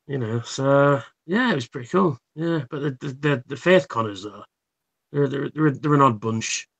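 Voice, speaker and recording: A man's voice: medium pitch, expressive, a little fast, vocal fry. A man hosting a casual livestream, telling rambling anecdotes full of swearing and false starts. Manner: rambling storyteller, swears freely, many restarts. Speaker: livestream host. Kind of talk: casual chat.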